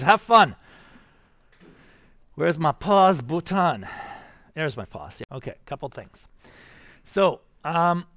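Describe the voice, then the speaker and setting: An energetic male art teacher who talks his students through a live drawing demonstration. His voice sits a little high, and the recording is close and dry with no room sound. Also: no echo.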